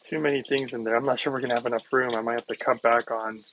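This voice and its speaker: A man talks in a meandering, heartfelt way, starting over and filling gaps with "you know" and "I mean". His voice sits at an ordinary middle pitch for a man, and a faint hiss runs underneath as he chats while blending. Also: steady tone, fast talker. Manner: meandering, earnest, many fillers and restarts. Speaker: wellness channel host. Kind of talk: rambling casual talk while making a smoothie.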